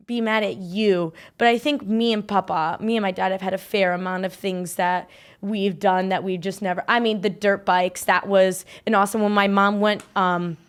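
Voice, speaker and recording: A woman's voice: mid-range voice, smooth. A young woman hosting a casual podcast chat, telling stories in a chatty way, full of "like". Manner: chatty storytelling, frequent filler "like". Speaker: podcast host.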